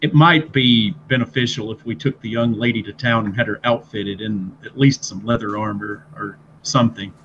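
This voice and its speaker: A man in a tabletop game speaking in character with formal, measured phrasing. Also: on the low side, steady tone, fairly bright tone, muffled recording, a little hiss or hum. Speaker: player. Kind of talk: tabletop role-play.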